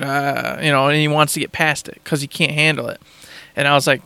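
Enthusiastic man, smooth, higher voice. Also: steady tone, brisk, sharp tone, no room sound. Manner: enthusiastic, rambling, repeats phrases. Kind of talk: casual chat.

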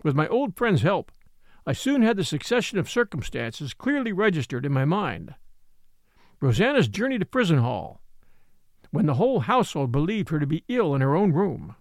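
A man narrating a classic novel in a measured, expressive reading. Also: fairly high pitch, no echo, studio quality. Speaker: audiobook narrator. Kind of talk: scripted narration.

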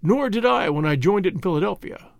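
A man's voice: high-pitched, expressive, a little fast, creaky, dry recording. A man reading the part of a fearful, bitter older lodge brother who speaks with vehemence. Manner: vehement, pleading, grave.

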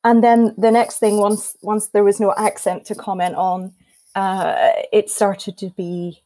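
A woman's voice: mid-range voice, measured pace, low-quality recording. A Scottish woman telling her story as a guest on a panel talk, acting out the quotes as she goes. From Scotland. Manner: lively storytelling with acted-out quotes. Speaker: guest musician. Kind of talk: casual panel chat.

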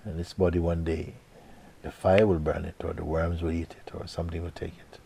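Deep gravelly man telling a story. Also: flat delivery, a little fast, a little hiss or hum. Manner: dramatic, repetitive, swings between loud and hushed. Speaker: spiritual teacher. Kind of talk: storytelling teaching.

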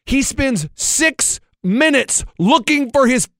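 High-voiced man ranting in a dry room. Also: expressive, slow pace, fairly bright tone, dry recording. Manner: worked-up, ranting, profane. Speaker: podcast co-host. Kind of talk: casual chat, storytelling.

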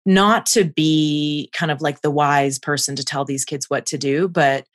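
Low-voiced woman telling stories. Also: unhurried. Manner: animated, acts out quotes. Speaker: guest, speaker. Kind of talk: conversational interview storytelling.

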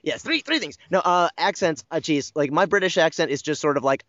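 A man's voice: fairly high pitch, expressive, a little fast, a bit bright, no room sound, lo-fi sound. A man who voices cartoon characters, chatting casually in an interview, rambling, joking about himself and swearing now and then. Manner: rambling, self-deprecating, jokey, swears. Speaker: voice actor guest.

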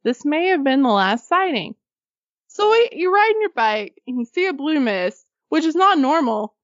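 A woman's voice: high-pitched, sing-song, normal speed, fairly bright tone, no room sound, lo-fi sound. A woman co-hosting a casual podcast, reading ghost stories aloud with jokey asides, frequent laughter and swearing. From Arkansas. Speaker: podcast co-host.

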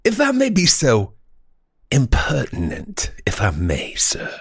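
A man putting on the voice of a pompous, old-fashioned gentleman with ornate, drawn-out formal phrasing. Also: medium pitch, huge pitch swings, husky, no echo, clean studio sound, heavily acted.

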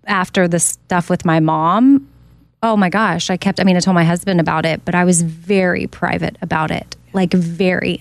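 A woman's voice: fairly low pitch, no echo. A woman co-host in casual podcast chat, talking in a candid and reflective way.

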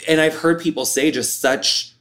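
A man in his thirties, an interview guest, talking candidly in an expressive, animated way with lots of "like". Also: fairly high pitch, moderate pace. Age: 30s.

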